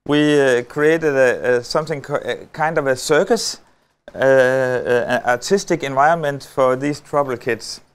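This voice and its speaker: A middle-aged Danish man speaking on a stage at a conference, telling a story with wry humor and many halting filler sounds. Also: medium pitch, smooth. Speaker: lecturer. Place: on a stage before an audience.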